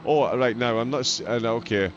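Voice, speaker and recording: A man's voice: mid-range voice, fairly quick. A man with a Scottish accent giving live sim-racing commentary as the stream host, chatty, with lots of uh fillers. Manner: chatty, frequent uh fillers, self-deprecating. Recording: dull lo-fi audio with loud race car noise.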